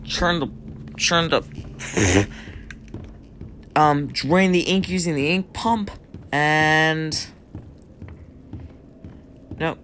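Young man doing unhurried let's-play chatter, with background noise. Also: fairly high pitch, fairly bright tone. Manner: rambling, talks to himself and his viewers. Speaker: gaming YouTuber. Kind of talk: casual let's play commentary.

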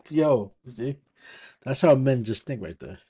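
A man's voice: mid-range voice, lively intonation. A man casually reacting to a clip, swearing freely and stumbling over his words as he thinks aloud. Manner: profane, halting, self-searching. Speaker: reaction streamer.

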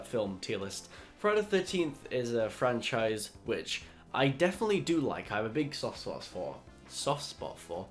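A man with a nasal, congested voice because he is ill, hosting a horror film channel and talking through a casual review. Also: mid-range voice. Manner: relaxed, chatty, loose phrasing.

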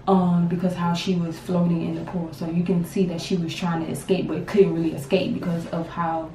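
A young woman in her twenties, a grieving mother telling her story to camera in a halting, repetitive, emotional way. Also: lowish voice, level tone, mellow, a little hiss or hum. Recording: roomy sound from a distance.

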